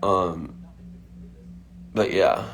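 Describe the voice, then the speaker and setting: Chatty low-voiced man on a phone livestream. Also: drawn-out words, fairly bright tone. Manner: chatty, filler-heavy, frequent "like". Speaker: singer answering fan questions. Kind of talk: casual livestream chat.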